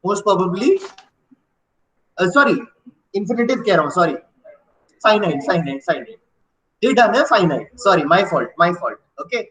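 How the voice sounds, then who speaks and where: Guy teaching grammar super fast, keeps quizzing the class, mixes in malayalam and hindi. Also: sits high, expressive, a bit bright. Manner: quizzing students with rapid questions; mixing English with Malayalam and Hindi. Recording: echoey classroom.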